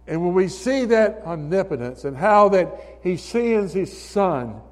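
A man preaching a sermon in church, building to shouted hallelujahs and calling on listeners by name. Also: high voice, very animated, measured pace. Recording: long reverb of a hall.

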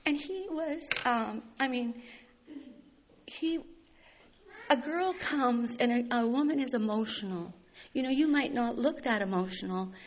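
A woman telling a personal faith story in an earnest, heartfelt way, tearful and laughing through her tears. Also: on the high side. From Canada. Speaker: speaker sharing a personal testimony. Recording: slightly dull recording with faint hiss.

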